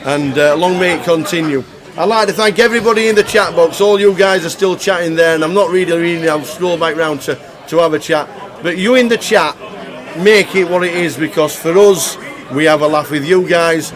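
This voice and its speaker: A man's voice: fairly high pitch, brisk. A man hosting a poker live stream, rambling jovially through thank-yous and repeating himself. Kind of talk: live stream presenting and thank-you speech. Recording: loud crowd around the mic. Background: crowd noise.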